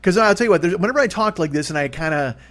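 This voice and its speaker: A man's voice: high-pitched, lively intonation, rapid-fire, a bit bright. A man in his forties hosting a solo comedy podcast, rambling, swearing freely and poking fun at himself. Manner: rambling, profane, self-deprecating. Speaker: podcast host.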